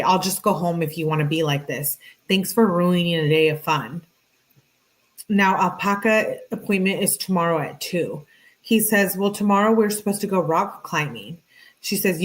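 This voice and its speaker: A woman's voice: lowish voice, low-quality recording. A woman hosting a true-crime commentary, reading text messages aloud with blunt, conversational, exasperated asides.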